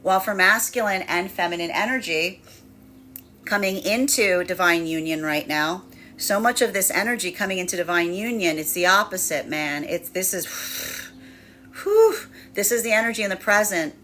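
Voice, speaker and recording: A woman's voice: medium pitch, moderate pace, pushed and bright, a little hiss or hum. A woman giving a casual spoken tarot reading, chatty and full of fillers, often laughing while she acts out what people might say. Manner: chatty, with many fillers, laughing while acting out quoted voices. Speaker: tarot reader.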